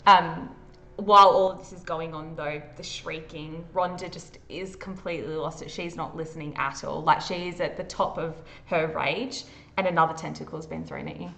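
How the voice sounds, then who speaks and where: Running a tabletop horror game as game master, an Australian woman speaks in a low, creaky, slightly bright voice with fairly even intonation. Her descriptions of the scene are vivid, though she frequently stops with fillers.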